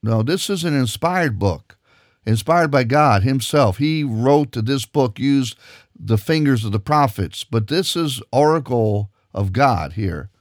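A man preaching a radio sermon and reading scripture, emphatic, repeating words and climbing in pitch as he presses a point. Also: lively intonation, unhurried, dry recording, studio quality. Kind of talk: old-time radio sermon with Bible reading.

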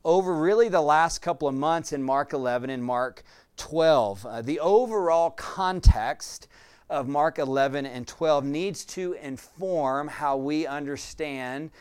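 Guy preaching a sermon, smooth resonant voice, earnest, lots of uh and um. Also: fairly high pitch, unhurried. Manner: earnest preaching with many fillers. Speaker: pastor.

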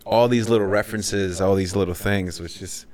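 A man's voice: low-pitched, fairly even intonation, moderate pace, darkish tone. A man who grew up in Mexico, a podcast guest telling loose, rambling stories with many restarts. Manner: rambling storyteller with frequent restarts. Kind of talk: casual chat.

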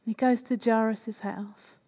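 A woman preaches a sermon in a conversational way, often checking in with the listeners through questions. Her voice sits fairly high. The sound carries a long reverb, as in a church hall. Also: steady tone, slow, dark tone.

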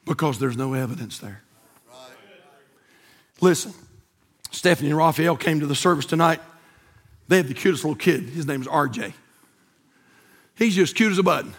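A man preaching a sermon in a church, swinging from hushed asides to shouted appeals. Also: fairly high pitch, animated, moderate pace, long pauses, slightly rough, long reverb tail. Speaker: pastor. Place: church sanctuary.

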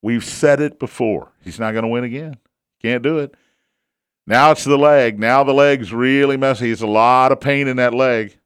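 A man's voice: medium pitch, fairly even intonation, moderate pace, smooth, no echo, studio quality. A man hosting a casual sports talk show, chatty and opinionated, who asks himself questions and answers them.

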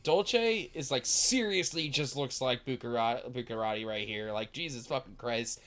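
A man's voice: mid-range voice, normal speed, a bit bright. A man in casual chat who reacts expressively and swears freely. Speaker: podcast co-host.

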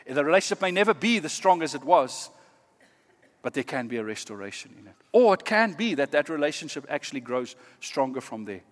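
A pastor giving a sermon in an earnest, measured way, often dropping to a quiet, emphatic tone. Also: male voice, a little high, very animated, in a large hall.

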